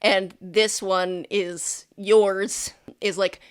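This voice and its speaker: A woman's voice: medium pitch, flat delivery, drawn-out words, smooth. A woman narrating as game master of a tabletop game, chatty and rambling, often laughing.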